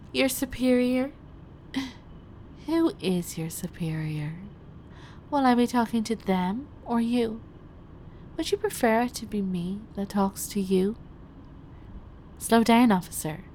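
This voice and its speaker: A woman's voice: mid-range voice, a little mellow, a little hiss or hum. A woman playing a seductive detainee who teases and commands an officer in erotic role-play narration. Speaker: erotic audio performer.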